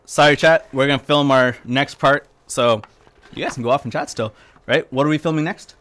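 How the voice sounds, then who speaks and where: A man co-hosting a casual livestream game tutorial, relaxed and asking side questions. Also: mid-range voice, fairly quick. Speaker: community manager co-hosting a game tutorial stream.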